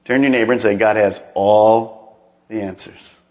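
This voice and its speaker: A man's voice: fairly low pitch, steady tone, normal speed, a little mellow. A middle-aged male pastor preaching a sermon, emphatic and calling on the congregation to repeat phrases after him. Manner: emphatic, calls for congregation responses.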